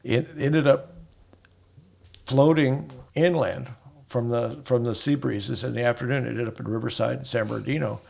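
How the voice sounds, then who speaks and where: A man's voice: mid-range voice, steady tone, moderate pace, gravelly, darkish tone. A man in his seventies, a guest in a casual chat, telling rambling stories with many restarts. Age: 70s.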